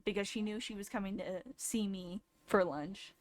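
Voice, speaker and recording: A woman's voice: mid-range voice, steady tone, normal speed, dry recording. A woman in her twenties, a streamer, telling a long casual story with lots of fillers and self-corrections. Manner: rambling, lots of fillers and restarts.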